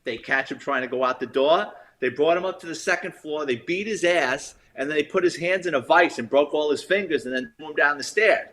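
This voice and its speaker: Man doing his blunt, profane middle-aged butcher dad, a bit high and sharp. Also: a little fast, hardly any pauses, natural voice.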